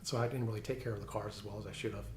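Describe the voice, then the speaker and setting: A middle-aged police officer giving a personal testimony at home, talking haltingly with many fillers and restarts. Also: male voice, lowish voice, steady tone, darkish tone, roomy sound, a little hiss or hum. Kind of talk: personal testimony, reading from notes. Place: room at home.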